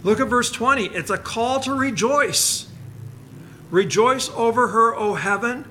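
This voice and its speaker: A man delivers a sermon in a fairly high, bright voice. He takes his time, drawing out phrases and reading scripture with dramatic weight. On key words his voice drops to a near hush. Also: measured pace, a little hiss or hum. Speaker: pastor.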